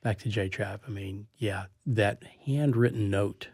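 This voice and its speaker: A man's voice: fairly low pitch, unhurried, creaky, darkish tone, breathy edge. A man hosting a casual sports talk show, rambling with many restarts. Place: studio.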